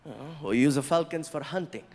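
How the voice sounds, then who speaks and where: A man voicing a proud, matter-of-fact falcon keeper in a deeper, slower put-on voice, heard live on stage in a large hall. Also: a little mellow, natural voice.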